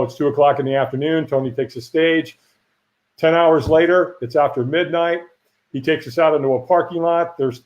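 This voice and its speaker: Middle-aged man telling a lively story. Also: a little high. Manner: lively storyteller acting out quoted voices. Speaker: firewalk instructor and guest. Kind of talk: casual storytelling interview. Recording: dull lo-fi audio.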